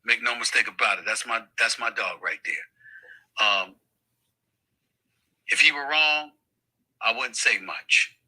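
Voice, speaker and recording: A man in a played-back talk clip, speaking in an emphatic, forceful way. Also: mid-range voice, takes it slowly, pauses often, rough recording. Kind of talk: played news and sports talk clips.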